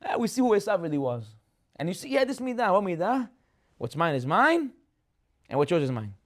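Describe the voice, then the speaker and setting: A rabbi animatedly narrates Torah stories in a chatty class, playing the characters and asking rhetorical questions. His high-sitting male voice swings widely in pitch and moves fairly quickly.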